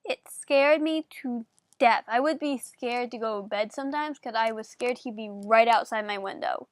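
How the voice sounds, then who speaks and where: So like a high-voiced woman telling a story to her camera, super chatty, fillers everywhere, dry mic. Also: normal speed, dry recording. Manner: animated, chatty, many "like" fillers. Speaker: vlogger.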